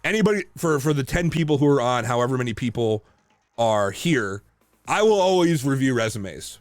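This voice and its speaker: A man co-hosting a casual podcast chat, telling lively stories full of fillers and restarts. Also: medium pitch, moderate pace, no echo, faint music behind. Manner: animated storyteller, many fillers and restarts. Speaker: podcast co-host.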